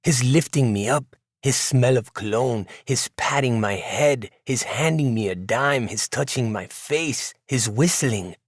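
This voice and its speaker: A man narrating a novel in the first person, in a reflective, measured way. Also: mid-range voice, no room sound, studio quality. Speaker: audiobook narrator. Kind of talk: scripted narration.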